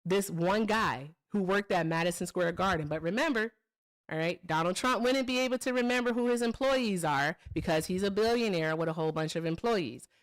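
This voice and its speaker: A woman's voice: on the low side, fairly quick. A woman hosting a live call-in political debate stream, combative and mocking, repeating her points. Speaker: livestream political debate host.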